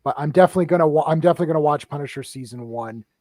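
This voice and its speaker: A man hosting a casual podcast chat, telling stories in an excitable, self-mocking way. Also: on the high side, rapid-fire, no echo, clean studio sound. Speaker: podcast host.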